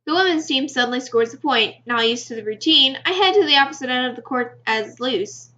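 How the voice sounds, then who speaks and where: A woman reading a visual novel aloud in first-person narration, steady with small stumbles. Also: high voice, fairly quick. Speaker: game reader. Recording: slightly muffled with faint music.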